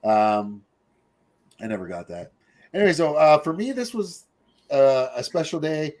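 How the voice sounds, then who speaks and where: A man's voice: a little high, big pitch swings, a little slow, darkish tone. A middle-aged man, hosting a show in casual, rambling chat full of fillers and asides. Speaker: podcast host.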